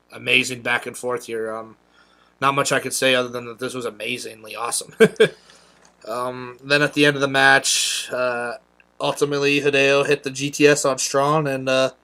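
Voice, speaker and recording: A man's voice: medium pitch, pushed and bright. A young man co-hosting a podcast, talking enthusiastically with many ums and uhs. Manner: enthusiastic, lots of filler words. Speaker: podcast co-host. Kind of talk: casual podcast chat.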